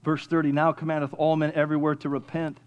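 A man in his fifties preaching a fervent sermon as pastor, swinging between soft, low passages and loud, rising appeals. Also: monotone, quick pace, dull audio. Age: 50s.

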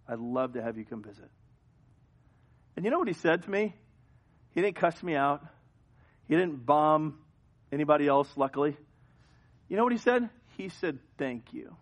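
A man preaching a sermon as pastor, telling a story with animated swings from hushed to loud. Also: a little high, moderate pace, long pauses. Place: church sanctuary.

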